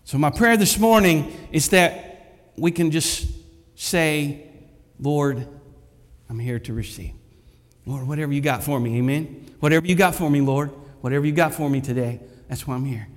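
A man's voice: a little high, moderate pace. A man, preaching a sermon and telling stories with lots of repetition for emphasis. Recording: echoey hall.

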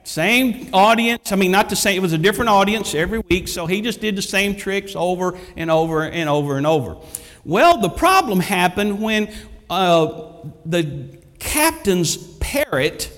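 A man's voice: high voice, lively intonation, normal speed, fairly bright tone. A man, preaching a sermon and telling stories with lots of repetition for emphasis. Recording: echoey hall.

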